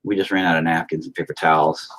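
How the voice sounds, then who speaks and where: A man's voice: very deep voice, level tone, fast, fairly bright tone, low-quality recording. A man chatting casually and crudely while he paints, rambling and joking with lots of swearing. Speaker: painter streaming his work.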